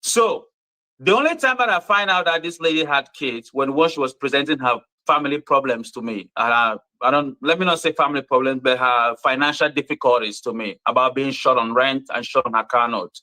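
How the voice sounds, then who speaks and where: A man's voice: mid-range voice, brisk, sharp tone, no room sound, low-quality recording. A man who appears as a guest on a dating show and explains himself defensively and at length.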